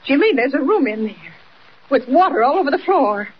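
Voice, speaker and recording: A high-pitched, fretful older country woman, talking in folksy, ungrammatical phrases. She sounds like a 1940s radio serial, muffled and thin with a faint hiss behind her. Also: big pitch swings, a little fast. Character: excitable older country woman, Aunt Lou. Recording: dull, faintly noisy old radio recording.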